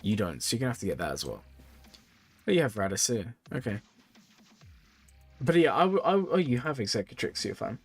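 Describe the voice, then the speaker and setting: A man's voice: brisk, long pauses, slightly rough, faint music behind. A man streaming live, giving casual, rambling game advice to viewers, a bit tired. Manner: chatty, rambling, repeats phrases, lively pitch. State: tired, yawning. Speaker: streamer reviewing game accounts.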